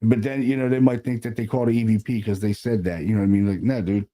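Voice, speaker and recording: A laid-back man talks shop as a paranormal investigator in easy, casual chat. His voice sits low and very dark and mellow, and he keeps tagging his points with friendly filler. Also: fairly even intonation, racing. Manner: laid-back, peppers talk with "you know what I mean" and "man".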